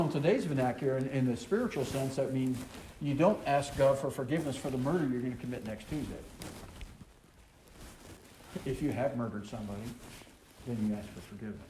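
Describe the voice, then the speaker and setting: A man leads a scripture study, reading each verse aloud before stopping to explain it, often pausing with an um or uh. His voice is mellow and warm. The recording carries a roomy echo with a faint hiss underneath. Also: mid-range voice. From American South. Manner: reads scripture aloud then explains it, with many ums and uhs. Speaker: Bible teacher. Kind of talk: Torah study teaching. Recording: echoey room with faint noise.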